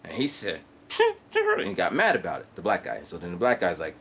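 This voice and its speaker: A man in his forties vlogging a rambling, halting story full of fillers, digressions and mouth sound effects. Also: low-pitched, huge pitch swings, fairly bright tone, husky. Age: 40s. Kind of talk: rambling monologue. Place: guest house in Japan.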